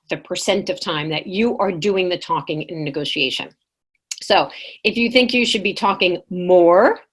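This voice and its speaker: A woman presenting a live online workshop, lively and engaging, reading chat replies aloud to her audience. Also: lowish voice, breathy edge.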